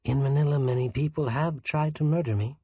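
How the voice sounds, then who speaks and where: A man voicing a calm island detective who speaks in a low, toneless, placid way. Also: brisk, slightly rough, no room sound. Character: calm, quietly steady small island detective.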